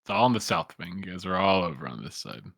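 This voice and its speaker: A man's voice: low-pitched, expressive, quick pace, gravelly, a bit bright, no room sound, clean studio sound. A man running an online tabletop game as game master, explaining rules patiently with lots of filler words.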